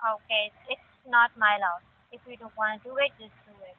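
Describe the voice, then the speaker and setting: A woman's voice: a little high, fairly even intonation, fairly quick, no echo. A woman working as a call center agent, polite, formal and patient with a rude caller. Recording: tinny phone line.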